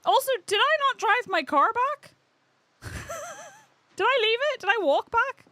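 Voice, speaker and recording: A young woman streaming a video game live, chatting and swearing with excitable, laughing reactions. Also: very high voice, a little slow, dry recording. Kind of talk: live gameplay commentary.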